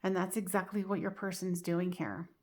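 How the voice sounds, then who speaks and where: A woman's voice: fairly low pitch, little pitch movement, moderate pace, darkish tone. A woman giving a casual tarot card reading to camera, chatty and reassuring, often saying "you know" and "like". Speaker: tarot reader.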